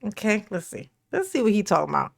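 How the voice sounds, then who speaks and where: A woman's voice: medium pitch, sing-song, fast, vocal fry. A woman hosting a casual reaction commentary, sarcastic and mocking, laughing often and swearing freely. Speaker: commentary host.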